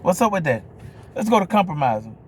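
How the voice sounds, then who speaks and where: Vlogger, male, New Orleans accent, slightly higher voice, blunt and profane camera rant. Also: very animated, fast talker, slight background noise. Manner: blunt, profane, keeps asking "you hear me?". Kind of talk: ranting monologue to camera.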